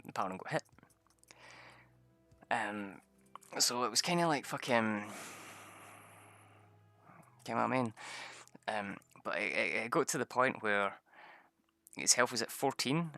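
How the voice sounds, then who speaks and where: A man's voice: on the low side, creaky, bright, forceful tone, no echo. A man telling a rambling story about a tabletop game session, swearing often and laughing a lot. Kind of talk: casual storytelling.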